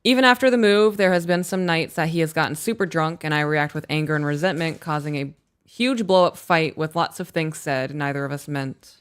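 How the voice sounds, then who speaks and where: Woman host reading emails on a live stream, low smooth voice, blunt and sweary. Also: fairly quick. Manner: blunt, frank, swears casually.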